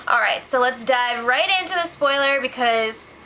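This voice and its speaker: Young woman doing a gossipy recap, high voice, bright, kinda chatty. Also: slight background noise. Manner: chatty, gossipy, quick asides. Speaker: reality show recap host. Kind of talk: casual spoiler recap.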